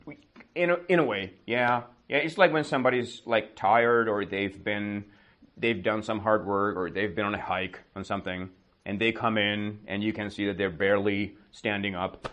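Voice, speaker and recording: Joking, lowish-voiced male English teacher. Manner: lively, joking, quizzes students on idioms; drops slow and quiet for example phrases. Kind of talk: casual classroom teaching. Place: classroom.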